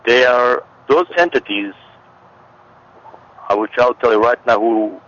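A man's voice: medium pitch, a little slow, fairly bright tone. A man who is a guest on an interview show, explaining at length in an emphatic way and repeating warnings. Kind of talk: conversational explanation. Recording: dull lo-fi audio.

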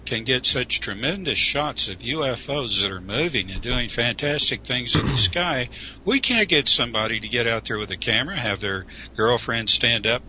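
A man with a very bright, tense voice joins a talk radio show as a guest, skeptical and given to wry, sarcastic asides. He comes through a dull, lo-fi internet call with a faint hiss. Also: mid-range voice, animated, normal speed. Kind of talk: casual talk radio discussion.

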